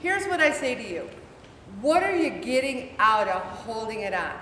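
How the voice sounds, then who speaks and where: A middle-aged woman with a high, bright voice leads a faith-based support group. She acts out her own inner arguments with energy. She is recorded from far off in an echoey church room. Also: very animated, normal speed, a little hiss or hum. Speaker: weight-loss support group leader.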